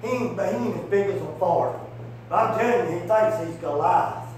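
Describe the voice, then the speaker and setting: A man's voice: high-pitched, expressive, normal speed, darkish tone. A male evangelist preaching through folksy stories, rambling and peppering his talk with "man" and "buddy". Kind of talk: sermon with storytelling. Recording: echoey hall from far off, faint hum.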